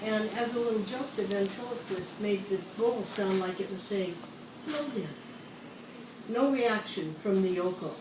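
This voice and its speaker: A woman telling jokes in an unhurried, dry way. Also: medium pitch. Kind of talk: casual joke telling. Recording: distant, echoey room with background noise.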